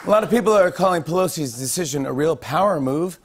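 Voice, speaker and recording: Punchy late-night host delivering comedy monologue. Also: male voice, a little high, expressive, fast, a loud crowd. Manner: punchy joke delivery with playful emphasis. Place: television studio with live audience. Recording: studio audience laughter and noise.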